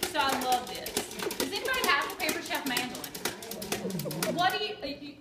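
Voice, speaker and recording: Woman, kitchen tool demo, joking with the crowd, slightly high voice, echoey room. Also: sing-song, a little fast. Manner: chatty, jokey, quizzes the audience. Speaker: kitchen product demonstrator. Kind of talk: live cooking demonstration to an audience. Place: room with a live audience. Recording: echoey room with background noise.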